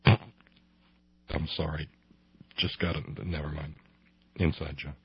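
Sarcastic, husky talk-radio host. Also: male voice, extremely low pitch, little pitch movement, slow, lo-fi sound. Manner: sarcastic, incredulous, mocking.

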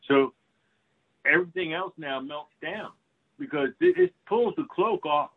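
A man co-hosting a political talk show, excitable and profane, talking emphatically. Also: a little high, measured pace, gravelly, husky. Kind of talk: casual political commentary. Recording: tinny phone-like line.

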